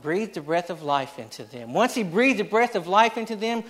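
A middle-aged man with a notably high voice delivers a sermon. He preaches emphatically, circling back on his phrases and putting rhetorical questions to his congregation. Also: lively intonation, normal speed, a bit bright. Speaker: pastor.

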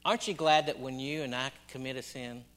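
A middle-aged man preaching a sermon, repeating phrases for emphasis and swinging between loud and hushed delivery. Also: medium pitch, steady tone, a little fast. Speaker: pastor.

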